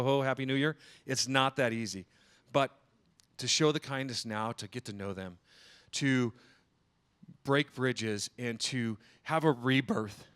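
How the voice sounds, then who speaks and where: A man playing Santa at an event, giving a gentle, preachy holiday speech. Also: medium pitch, clear, resonant tone. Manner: gentle, preachy, blessing the crowd. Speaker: guest dressed as Santa. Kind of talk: short inspirational speech.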